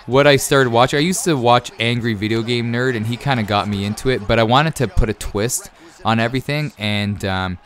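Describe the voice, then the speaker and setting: A man in his thirties answering viewer questions in a rambling, easily excited way with many fillers. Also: mid-range voice, brisk. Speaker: YouTube gaming creator. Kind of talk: casual Q&A over gameplay.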